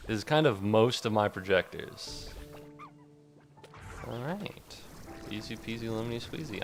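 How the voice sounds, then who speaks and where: A man with a gravelly, lowish voice streams a game at an unhurried pace, pausing often, with soft music behind him. His commentary is casual and full of swearing, aimed at the on-screen creatures and, between bouts of play, at his chat.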